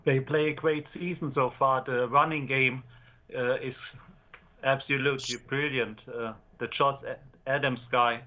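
A German-accented man calls in to a sports show and talks in a hesitant, halting way. His voice is muffled and lo-fi. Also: mid-range voice, steady tone. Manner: hesitant, halting, many pauses. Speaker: caller.

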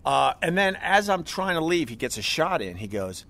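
Lively man telling a story on a podcast. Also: on the high side, normal speed, creaky, hardly any pauses. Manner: animated storyteller, acts out the people he quotes. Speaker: podcast host. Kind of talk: casual chat, retelling stories.

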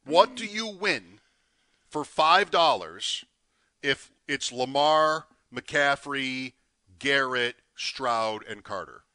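A man's voice: medium pitch, expressive, slow pace, bright, forceful tone. A man co-hosting a sports talk show, chatting casually about a bet and teasing out the payout. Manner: builds suspense, teasing. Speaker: co-host. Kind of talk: sports betting radio chat.

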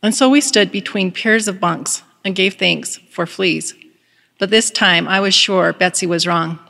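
A woman giving a devotional address, reading a story in a measured, earnest way. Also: on the low side, gravelly, pushed and bright, big-room sound. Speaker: devotional speaker.

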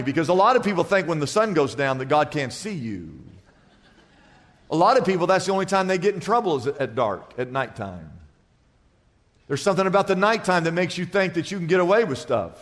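A man's voice: a little high, very animated, brisk, in a large hall. A male pastor preaching a sermon, telling jokes and stories and quizzing the congregation. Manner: jokey storytelling, quizzing the congregation.

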